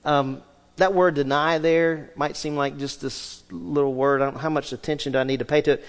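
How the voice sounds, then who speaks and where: A pastor delivers his sermon with animated swings between loud emphasis and hushed asides. His voice sits a little high for a man. The church hall adds a long reverb behind every phrase. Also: a little fast.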